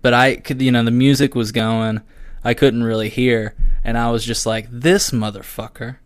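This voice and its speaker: A man hosting a podcast in casual chat, telling a story with animated swearing and acted-out quotes. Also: mid-range voice, normal speed, smooth, no room sound, clean studio sound. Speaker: podcast host.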